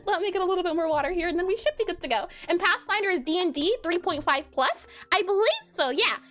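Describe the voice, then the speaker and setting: Woman, very high voice, bouncy, playful, giggly, casual coding stream chat, faint music behind. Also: animated, quick pace, fairly bright tone. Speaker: game developer streaming.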